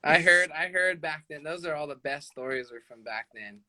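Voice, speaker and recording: A man's voice: fairly high pitch, moderate pace, sharp tone, dry recording. A young man, a guest in a casual interview, giving short laid-back replies and laughing along.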